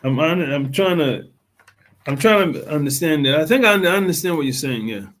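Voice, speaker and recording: A man's voice: on the high side, animated, normal speed, a bit bright, slight background noise. A man on a video call as a student in a language lesson, answering hesitantly and apologizing when unsure.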